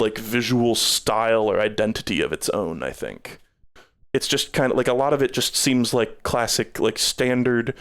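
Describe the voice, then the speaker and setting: A man streaming live, giving rambling casual game reviews with many fillers, tired and starting to lose his voice. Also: medium pitch.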